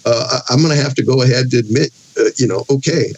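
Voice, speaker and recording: A man, a guest pastor, explaining scripture in an animated, conversational way and reading passages aloud with emphatic expression. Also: medium pitch, fast, husky, poor audio. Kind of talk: conversational Bible teaching.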